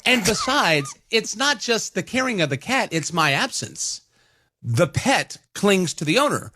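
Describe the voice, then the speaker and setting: A man co-hosting a casual morning radio show, telling animated stories and laughing easily in a studio. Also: high voice, no room sound. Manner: animated storytelling, quick laughs. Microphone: studio microphone.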